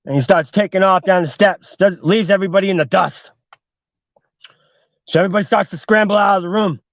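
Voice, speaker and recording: Host, male, high-ish gravelly voice, profane casual horror storyteller, dull dry livestream audio. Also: brisk, no room sound. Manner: heavy swearing, fillers like "like". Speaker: podcast host.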